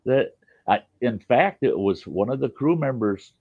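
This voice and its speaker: Male podcast host, casual and profane storyteller, very animated pitch, dry lo-fi sound. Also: measured pace, vocal fry, breathy edge, dry recording. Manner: blunt, profane storyteller who acts out quoted voices.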